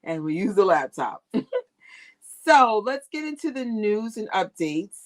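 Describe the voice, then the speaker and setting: A woman's voice: mid-range voice, measured pace. Chatty woman hosting a livestream. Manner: chatty, animated, laughs often. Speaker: host of a fan news livestream. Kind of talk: casual livestream chat. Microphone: tablet used as camera.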